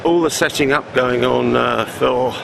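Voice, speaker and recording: A man's voice: medium pitch, steady tone, measured pace, gravelly. A man chatting casually with hesitant fillers as he walks around a racetrack outdoors. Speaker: vlogger on a track visit. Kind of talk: casual walk-around narration. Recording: outdoor traffic and car noise.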